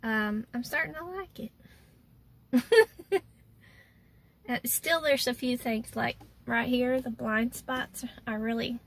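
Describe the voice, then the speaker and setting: A woman's voice: on the high side, slow. A woman, chatting casually and rambling a bit as she vlogs her day to the camera. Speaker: vlogger.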